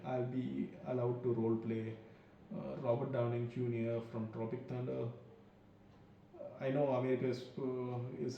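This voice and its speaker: A man's voice: mid-range voice, creaky, warm tone, slight background noise. A man hosting a podcast, giving a rambling, loose film review on his own. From India. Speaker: podcast host. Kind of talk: casual solo film review. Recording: very echoey room, mic far off, dull lo-fi sound.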